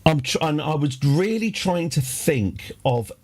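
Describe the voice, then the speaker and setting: A man's voice: fairly high pitch, lively intonation, a little slow, a little mellow. A man chatting casually on a live stream, rambling and wry, with many restarts. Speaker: game streamer.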